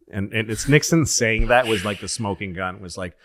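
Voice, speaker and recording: Fairly low-pitched and fast, this man talks with few pauses as he rambles through history stories in a casual chat. His animated storytelling is full of quoted voices and profanity.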